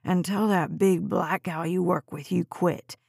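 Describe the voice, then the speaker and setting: A woman reading an audiobook voices a coarse, drunk middle-aged stepfather with a gravelly, slurred delivery. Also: fairly low pitch, fairly even intonation, unhurried, a little mellow, no echo, studio quality, full character voice. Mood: slurring orders.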